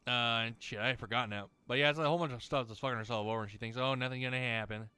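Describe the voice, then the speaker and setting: A man ranting angrily and profanely over gameplay, mocking people in shrill voices. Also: very fast, bright, forceful tone, clear, resonant tone. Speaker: let's play host. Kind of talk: angry rant over gameplay.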